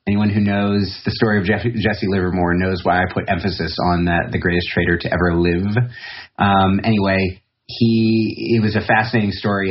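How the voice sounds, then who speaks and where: A man with a very deep voice, talking through a podcast interview. He rambles in a reflective way, with plenty of fillers and restarts. The audio is muffled and lo-fi. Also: a little hiss or hum. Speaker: trader, podcast guest. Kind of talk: casual interview talk.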